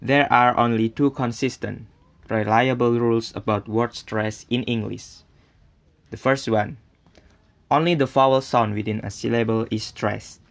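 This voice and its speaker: A young man, a native Indonesian speaker, reading a class presentation aloud in a steady, careful way. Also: medium pitch, a little slow, vocal fry. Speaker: student presenter.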